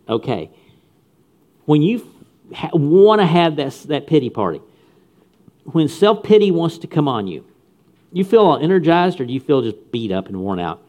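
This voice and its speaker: Punchy preacher, fairly high voice. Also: male voice, sing-song, moderate pace, long pauses, a little mellow. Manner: punchy, humorous, repeats phrases for emphasis. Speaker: pastor. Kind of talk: sermon.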